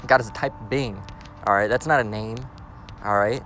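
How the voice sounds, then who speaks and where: A man giving an informal scripture lesson as a street preacher. He reads verses slowly, then explains them in blunt slang, checking in with "all right?" again and again. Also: lowish voice, bright, forceful tone, a little hiss or hum.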